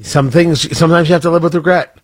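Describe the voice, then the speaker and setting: A man's voice: a little high, fairly even intonation, fast talker, husky. Joking Midwestern radio host man. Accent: American Midwest. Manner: joking, self-deprecating, laughs often. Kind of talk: morning radio banter.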